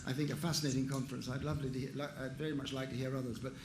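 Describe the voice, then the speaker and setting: A man's voice: mid-range voice, little pitch movement, rapid-fire, a little hiss or hum. An older man answering audience questions at a conference, frank and emphatic. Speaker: conference speaker. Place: conference room. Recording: echoey conference hall.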